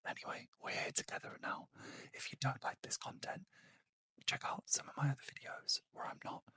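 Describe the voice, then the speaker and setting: A British woman doing a whispered ASMR unboxing as a beauty vlogger, hushed and slow with wry asides. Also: no room sound. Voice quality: soft unvoiced whisper.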